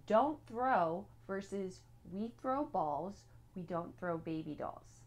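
A woman's voice: mid-range voice, animated, takes it slowly, hardly any pauses. A woman teaching a casual spoken parenting lesson, earnest and direct, openly admitting her own slips.

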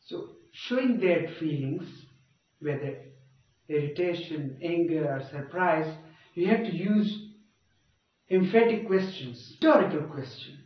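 A male teacher giving a grammar lecture, repeating points and checking with "okay?" and "you got it?". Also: fairly high pitch. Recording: dull, echoey, far from mic.

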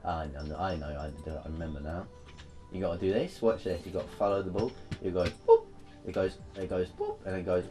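A man's voice: low voice, brisk, mellow, soft background music. A man casually bantering and thinking aloud while playing a puzzle game, playful and giggly. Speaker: game player. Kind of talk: casual let's-play banter.

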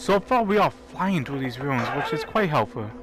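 A man's voice: fairly high pitch, animated, moderate pace. Joking man narrating VR gameplay. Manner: joking, playful, makes silly sounds. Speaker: gamer. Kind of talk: VR gameplay commentary. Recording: loud game music behind.

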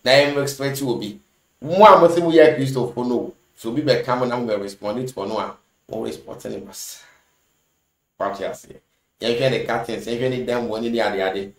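A man lectures his listeners in a preachy commentary voice. His pitch sits in the middle range. The sound rings off the walls of an echoey room. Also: brisk.

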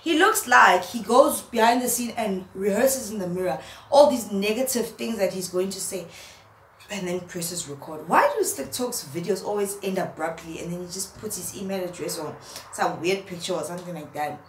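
A young woman, a vlogger, roasting someone in a mocking, animated rant to camera and laughing at her own jokes. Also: mid-range voice, moderate pace. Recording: roomy echo, faint background hum.

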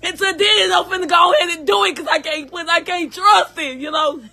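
A woman's voice: very high-pitched, a little fast, vocal fry, sharp tone. A woman from the States, telling an emotional personal story and emphatically asking "you hear me?" as she goes. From Southern United States.

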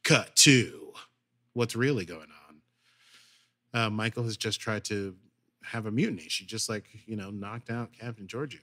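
A man's voice: fairly low pitch, moderate pace. Man animatedly recapping a show. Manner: animated retelling with acted quotes. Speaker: podcast co-host. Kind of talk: casual recap chat.

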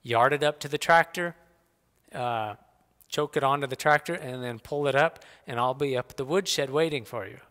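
Middle-aged man, church speaker, animated folksy anecdotes; clear bright voice, long hall reverb. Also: mid-range voice, moderate pace. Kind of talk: personal storytelling talk. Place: church sanctuary.

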